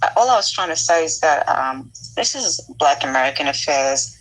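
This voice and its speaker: Low-pitched woman from South Sudan, calm and measured, over an online audio stream. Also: low-quality recording. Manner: calm, measured, hesitant with fillers. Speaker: caller in an online debate. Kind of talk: live audio room debate.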